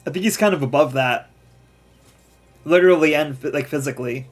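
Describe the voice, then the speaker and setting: Male let's player, a touch high, rambly, laughs a lot while he plays. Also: fairly quick, faint music behind. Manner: chatty, laughs often, trails off and restarts. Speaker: let's play streamer. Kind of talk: casual gameplay commentary.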